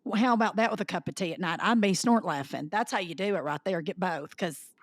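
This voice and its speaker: A woman co-hosting a chat podcast, telling lively stories and acting out the people she quotes. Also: on the low side, fast, dry recording. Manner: lively storyteller who acts out quoted people. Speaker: podcast co-host. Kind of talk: casual chat.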